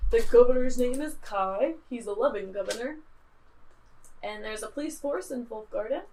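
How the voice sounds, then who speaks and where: A woman's voice: a little high, moderate pace, dark tone, a little hiss or hum. A woman playing in a tabletop role-playing game, chatting casually and animatedly with the group. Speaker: player.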